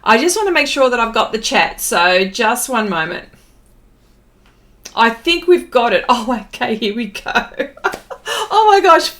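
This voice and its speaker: A woman's voice: fairly high pitch, big pitch swings, normal speed, a bit bright. A middle-aged Australian woman hosting an art livestream, chatty and a bit flustered as she greets viewers by name. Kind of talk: casual live-stream chat.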